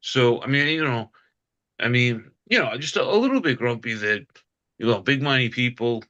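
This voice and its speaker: A man's voice: medium pitch, expressive, moderate pace, sharp tone. A man on a video call who rambles with many fillers, a little grumpy. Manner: rambling, full of "you know" and "I mean". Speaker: call participant. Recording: dull lo-fi call audio.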